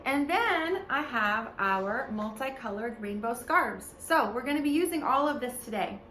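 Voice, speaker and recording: Female preschool music teacher, high and bright, unhurried, sing-song, echoey home room. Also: lively intonation, a little hiss or hum. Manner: sing-song teacher talk to small children. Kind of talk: online preschool music lesson. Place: home, seated in front of a camera.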